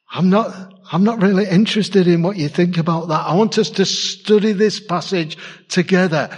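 A man's voice: high-pitched, long reverb tail. A man preaching a sermon in a church, conversational and asking his congregation questions. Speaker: pastor.

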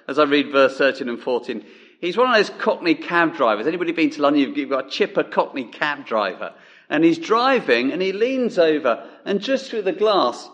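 A male preacher giving a sermon in a measured, emphatic way, dropping low on key words. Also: fairly bright tone.

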